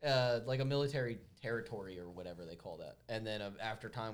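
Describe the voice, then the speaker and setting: A man's voice: on the low side, quick pace. A man in casual chat, hesitantly searching for words as he makes his point.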